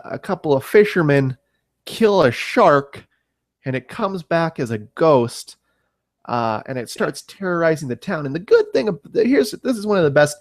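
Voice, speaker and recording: A man's voice: a little high, no room sound, clean studio sound. A man with a Canadian accent co-hosting a podcast in casual chat, rambling and hesitant, full of fillers. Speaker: podcast co-host.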